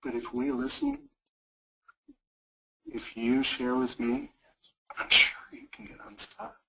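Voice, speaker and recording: A woman acting in a training role-play as a calm, supportive friend who speaks softly and reassuringly. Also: a bass voice, slow pace, gravelly, a little hiss or hum, exaggerated voice, low-quality recording. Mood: encouraging. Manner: soft, soothing, reassuring.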